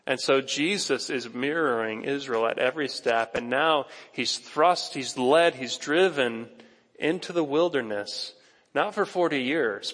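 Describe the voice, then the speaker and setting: A male pastor preaching a sermon in a church sanctuary, conversational and animated, speaking directly to his congregation. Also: mid-range voice, measured pace, big-room sound.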